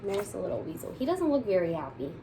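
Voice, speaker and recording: A woman's voice: mid-range voice, sing-song, fast talker, background noise. A young woman teacher reading a picture book aloud to kindergarten children in a playful storytelling manner.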